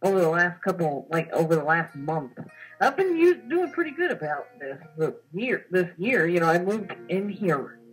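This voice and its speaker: A young woman co-hosting a casual conversation animatedly describes a dream, acting out what was said in it. Her voice is on the low side at a moderate pace, with soft background music and poor audio.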